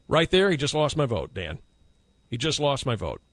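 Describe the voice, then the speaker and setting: A man's voice: mid-range voice, sing-song, normal speed, no echo. A male radio talk host delivering a heated, indignant on-air rant, hammering his points with repetition. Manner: indignant, impassioned, emphatic repetition.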